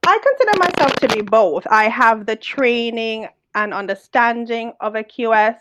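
A woman's voice: a little high, expressive, moderate pace, background noise. A woman from Jamaica with a Jamaican accent, a guest answering interview questions confidently with light laughs. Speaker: guest, project manager.

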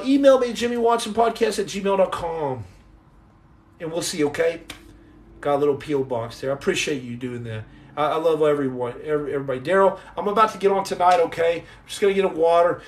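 A middle-aged man hosting a casual livestream, reading out and answering viewer comments. His voice sits a bit higher than most men's, and his talk rambles along with jokes, repeated words and false starts.

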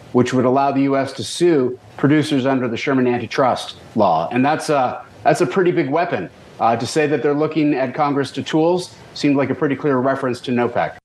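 A man, heard in a played news clip, asking an interview question in a measured, analytical way. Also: medium pitch, a little mellow.

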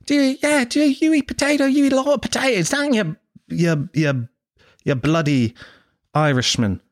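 A man's voice: very high-pitched, normal speed, no room sound, clean studio sound, voice pushed up. A man voicing a brash young Australian woman tourist in a put-on Australian accent, teasing and mocking.

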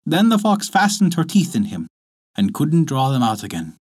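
A man narrating a folk tale as storyteller, lively and expressive. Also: on the high side, moderate pace, breathy edge. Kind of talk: scripted narration.

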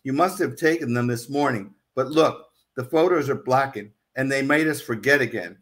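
A frightened young wife, distraught and pleading over what has been done to her, read aloud by a man. The voice stays close to an ordinary speaking voice of middle pitch. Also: moderate pace, fairly bright tone, lightly acted.

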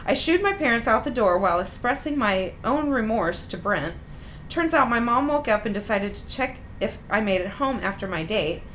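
Lively, laughing woman storyteller. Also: mid-range voice, slight background noise. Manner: wry, animated, laughs often. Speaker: podcast host. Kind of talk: reading listener stories aloud with chat.

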